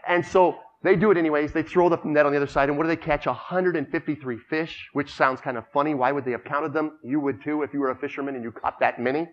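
A man's voice: fairly high pitch, steady tone, quick pace, few pauses. A man preaching a sermon, telling stories and asking his congregation for responses. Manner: storytelling, asks the congregation for responses. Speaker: pastor. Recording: dull lo-fi recording.

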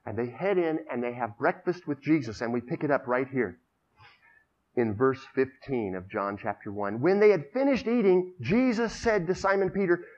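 A man's voice: mid-range voice, moderate pace, a little mellow. A man preaching a sermon, telling stories and asking his congregation for responses. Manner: storytelling, asks the congregation for responses. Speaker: pastor. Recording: dull lo-fi recording.

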